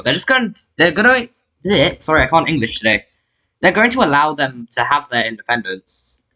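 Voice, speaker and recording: A man's voice: mid-range voice, sharp tone, poor audio. A man narrating a map game at home in casual commentary, rambling with frequent "so yeah" fillers and self-corrections.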